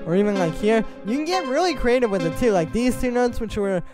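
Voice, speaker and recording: A man, a music producer, explaining melody writing in a relaxed, conversational tutorial, stepping through his points one by one. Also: high voice, a little fast. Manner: conversational, explains step by step while playing examples. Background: synth music playing.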